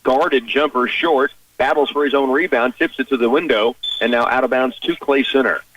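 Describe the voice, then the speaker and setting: A man giving play-by-play radio commentary on a high school basketball game in clipped, rapid calls. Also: a bit bright, highs cut off, slight background noise. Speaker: play-by-play announcer. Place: high school gym broadcast position. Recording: broadcast radio, mic at a distance.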